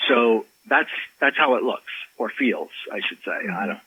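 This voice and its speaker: A man guest on a podcast, telling a personal story in an animated way, full of restarts. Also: fairly low pitch, normal speed, lo-fi sound, a little hiss or hum. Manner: animated, many restarts and fillers. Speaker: author guest.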